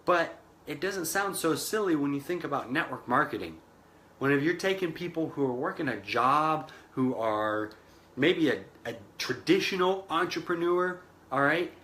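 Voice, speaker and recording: A man coaching on network marketing, telling a long story in an animated way and acting out the voices he quotes. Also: on the high side, slight background noise. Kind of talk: motivational vlog talk.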